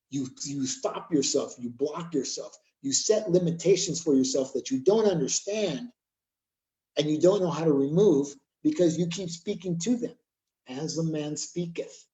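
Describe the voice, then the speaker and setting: Mellow-voiced man giving a spiritual talk. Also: on the high side. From California. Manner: emphatic, rhythmic repetition, incantatory. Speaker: spiritual drum healer. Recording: roomy echo.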